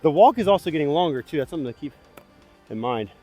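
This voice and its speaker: A man giving casual running commentary while playing disc golf outdoors, excitable and hard on himself, a bit out of breath. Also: a little high, fast, faint music behind. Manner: excitable, self-critical, talks to himself between throws.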